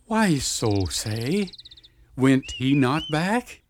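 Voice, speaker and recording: A man's voice: medium pitch, very animated, extremely slow, background noise. A man voicing a grave, kindly male gatekeeper who speaks solemnly in old-fashioned formal English in a radio drama.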